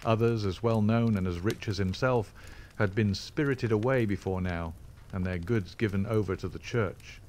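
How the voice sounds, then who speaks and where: Male narrator for a classic novel audiobook; lowish pitch, even and measured. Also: a little hiss or hum. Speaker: audiobook reader.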